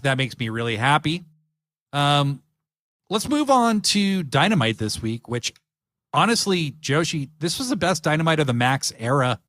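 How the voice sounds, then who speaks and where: Chatty, slightly high-voiced male podcaster. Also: fairly bright tone, no echo, clean studio sound. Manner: enthusiastic, rambling with fillers. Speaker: podcast host. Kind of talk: casual chat.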